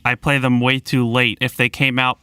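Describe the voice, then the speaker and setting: Blunt wry man with a smooth bright voice. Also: mid-range voice, level tone, moderate pace, dry recording, studio quality. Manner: blunt, wry, mock-grumpy. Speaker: podcast co-host. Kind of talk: casual chat.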